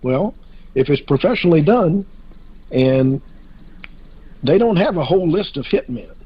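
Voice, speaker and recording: A man with a somewhat high, husky voice talks through a casual podcast discussion. He hesitates a lot, with fillers and restarts. The audio is muffled and lo-fi. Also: lively intonation, unhurried.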